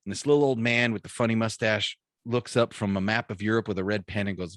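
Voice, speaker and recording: A man hosting a podcast over a video call, telling jokes in a loose, animated storytelling way. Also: lowish voice, fast, few pauses, dry recording, studio quality. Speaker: podcast host. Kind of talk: casual chat, telling jokes. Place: home, remote video call. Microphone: own mic on a video call.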